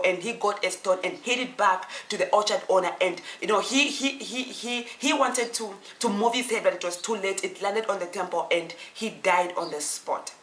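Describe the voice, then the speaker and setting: A woman's voice: mid-range voice, a bit bright. A woman telling a story casually and off the cuff, full of restarts and "you know" fillers, slipping into the characters' lines as she goes. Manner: acts out the characters' lines in quoted voices. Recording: echoey room with faint ambience.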